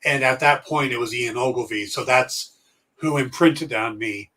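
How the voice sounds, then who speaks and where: A man's voice: mid-range voice, moderate pace, pushed and bright, far from the mic. A man co-hosting a podcast, chatting casually and opinionated, rambling with fillers. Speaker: podcast co-host. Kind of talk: casual chat.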